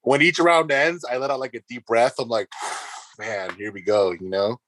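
Husky-voiced man hosting a chat. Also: mid-range voice, moderate pace. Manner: relaxed storytelling with many fillers. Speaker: podcast host. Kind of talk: casual chat.

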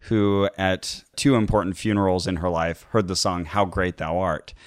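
A man with a fairly low voice co-hosts a podcast, telling stories with a wry, lively edge and frequent laughter. The studio sound is close and dry, with no room around it. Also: normal speed, dry recording. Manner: wry, animated storytelling with laughs. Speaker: podcast co-host. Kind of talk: casual chat.

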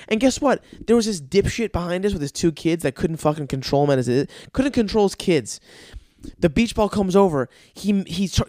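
A man from the United States ranting through a comedic story in a fairly high voice, swearing at every turn with sarcastic exasperation. The sound is close and dry, with no room around it. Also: a little mellow, no echo.

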